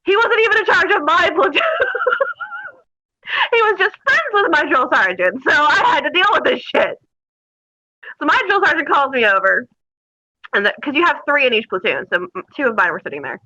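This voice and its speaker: A high, bright woman tells her stories with lots of laughter, her pitch swooping freely. The audio is dull and lo-fi. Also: moderate pace, pauses often. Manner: animated, laughing, mimics people in her stories. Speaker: guest. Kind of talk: casual storytelling.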